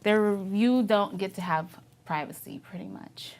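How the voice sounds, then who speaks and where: A woman's voice: medium pitch, measured pace. A young adult woman and Navy veteran being interviewed, telling her memories casually and candidly, laughing often as she talks.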